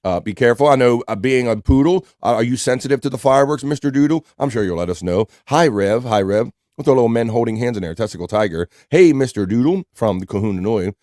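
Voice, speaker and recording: A man's voice: mid-range voice, animated, fast talker, few pauses, a little mellow, dry recording, clean studio sound. A man with an American accent hosting a live stream show, casually reading out chat messages and greeting viewers. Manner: laid-back, reads chat messages aloud. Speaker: livestream host.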